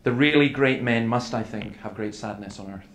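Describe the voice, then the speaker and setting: A man's voice: fairly low pitch, normal speed, a bit bright. A man giving an earnest seminar talk, telling stories with quoted dialogue. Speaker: preacher. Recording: echoey hall with faint room noise.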